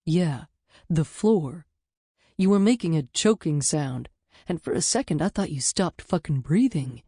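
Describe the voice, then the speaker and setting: In this audiobook, a blunt, profane man voiced by a woman narrator speaks with a low, dark tone. The read is dry and close to the mic, and his manner stays rough and protective. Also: lively intonation, normal speed, no room sound. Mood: worried. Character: rough, protective adult man who swears freely. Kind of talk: audiobook character voice.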